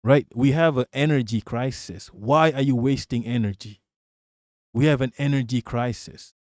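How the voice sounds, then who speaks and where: A man's voice: mid-range voice, normal speed, a little mellow, no echo, clean studio sound. A man streaming live, talking straight to his chat in a blunt, rambling, profane manner and laughing often between remarks. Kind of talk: live-stream political commentary.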